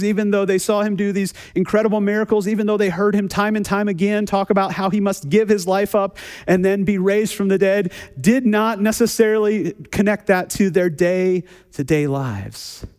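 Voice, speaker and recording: A man preaching a conversational sermon, telling a funny personal story in a relaxed, chatty way and often repeating words as he restarts. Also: high-pitched. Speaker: pastor. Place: church sanctuary. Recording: long hall reverb.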